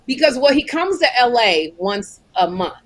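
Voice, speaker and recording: A middle-aged woman co-hosting a comedy podcast, chatting casually and telling animated stories with acted-out quotes. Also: a little high, moderate pace. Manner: animated storyteller, acts out quotes. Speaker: podcast co-host.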